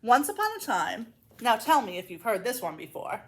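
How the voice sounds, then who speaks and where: Expressive woman reading a picture book. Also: on the high side, normal speed. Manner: expressive and playful with asides to listeners. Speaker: school librarian. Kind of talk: children's book read-aloud.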